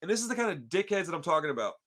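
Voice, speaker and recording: A man from Texas spins a story in casual podcast chat with a fairly high, forceful and bright voice. He is slangy and animated, and he leans on dude and bro at almost every turn. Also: very fast. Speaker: podcast co-host.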